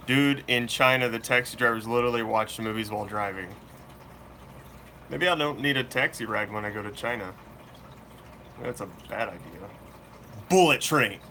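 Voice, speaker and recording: A man hosting a fishkeeping channel, chatting casually and answering viewer questions live in a relaxed, slangy way. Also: mid-range voice, a little hiss or hum. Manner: laid-back, slangy, chatty. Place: room full of fish tanks.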